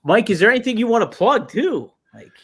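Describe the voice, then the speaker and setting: A man co-hosts a podcast with a wildly lively voice that leaps up and down. He keeps his remarks short and upbeat, jumping in to keep the chat moving. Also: extremely high pitch, a little fast, breathy edge. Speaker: podcast co-host. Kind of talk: casual chat.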